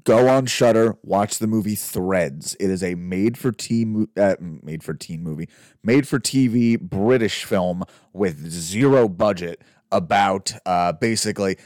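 Lively young man, low-pitched and dry. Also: unhurried, dry recording. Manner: animated, swearing, jumps into mock voices. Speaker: podcast co-host. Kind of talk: casual chat about movies.

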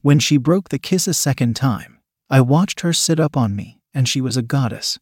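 A man reads a first-person story aloud in a quiet, even voice. His pitch sits in a plain middle range. The sound is close and completely dry. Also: normal speed, slightly rough, dry recording. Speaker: narrator.

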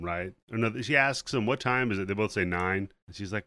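A man's voice: fairly low pitch, brisk, few pauses, no echo. A young man, a podcast host, casually recapping a film plot and acting out the characters' lines. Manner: animated retelling with quoted voices. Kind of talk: casual movie recap chat.

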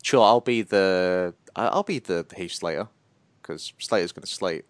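A man with a lowish voice co-hosting a podcast, joking at his own expense. He stumbles over openings before landing the line, recorded dry and close. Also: measured pace, no room sound. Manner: self-deprecating, hesitant restarts. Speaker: podcast co-host. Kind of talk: casual podcast chat.

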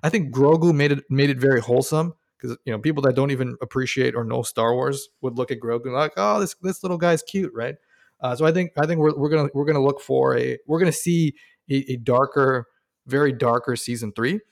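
A man co-hosting a casual podcast chat. He talks excitedly, swears freely and keeps asking questions. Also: mid-range voice, brisk, creaky. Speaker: podcast co-host.

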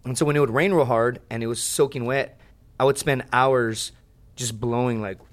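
Young man, podcast guest, casual storytelling, profane, rambling, animated. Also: mid-range voice, normal speed.

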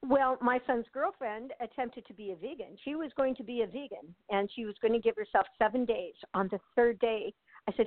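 A woman's voice: on the high side, brisk, no room sound. Chatty older woman on a phone line. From United States. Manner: chatty, laughs often, many fillers and restarts. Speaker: actress and interview guest. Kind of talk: casual interview chat. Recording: tinny phone line, dry.

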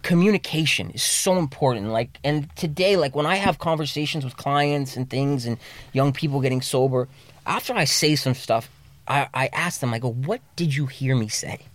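A man's voice: moderate pace, dry recording. Profane, candid man in the studio. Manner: raw and profane, speaks in restarts, drops low and quiet when emotional. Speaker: podcast guest, recovery coach. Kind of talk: candid podcast conversation. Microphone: studio mic.

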